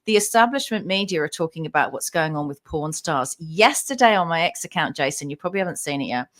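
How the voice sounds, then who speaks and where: A woman from Australia co-hosting a radio show, talking through the news in an animated, opinionated way and laughing often. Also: low-pitched, fast. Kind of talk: casual news commentary chat.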